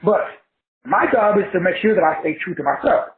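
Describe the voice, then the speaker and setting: Host-teacher man, high-pitched, preachy and colloquial, heard through a tinny phone-like line. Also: fairly quick, echoey room. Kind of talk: motivational lecture.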